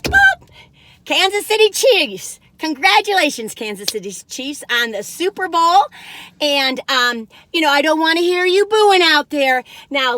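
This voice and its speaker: A woman's voice: high-pitched, a bit bright, dry recording. A middle-aged woman, chatting in a bubbly, rambling way as she taste-tests cookies in her parked car and sometimes breaks into song. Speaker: food review vlogger.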